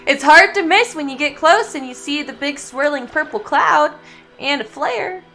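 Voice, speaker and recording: Bubbly high-voiced woman streamer. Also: normal speed, sharp tone, soft background music. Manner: chatty, giggly, coos baby talk at her cat. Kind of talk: casual gaming livestream chat.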